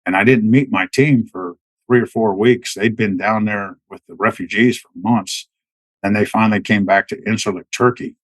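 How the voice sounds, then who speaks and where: A man's voice: on the low side, moderate pace, no echo, low-quality recording. A middle-aged man, a military veteran, telling stories as a podcast guest in a rambling way, full of restarts and fillers. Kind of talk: casual storytelling.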